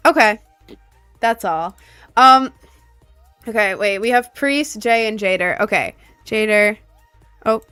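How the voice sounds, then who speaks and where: A young American woman with slight Southern and New York touches, chatting casually as a gaming streamer and repeating excited exclamations. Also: medium pitch, clean tone. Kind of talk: casual live-stream chat.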